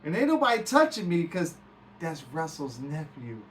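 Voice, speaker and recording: A man's voice: fairly high pitch, wildly swooping pitch, normal speed, a bit bright. A man recounting a story as a guest, acting out quoted speech and swearing freely. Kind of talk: animated storytelling. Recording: distant mic with background hiss.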